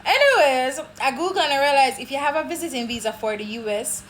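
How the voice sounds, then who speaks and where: A Jamaican woman vlogging about her travels, telling stories in a chatty, animated way. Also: high voice, fast, slight background noise. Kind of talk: casual travel vlog chat.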